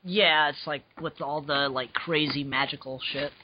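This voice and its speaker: A man's voice: a little high, fairly even intonation, measured pace, muffled recording, noisy background. A man casually commenting on the game he is playing, enthusiastic and plain-spoken with some swearing. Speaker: gamer playing on stream.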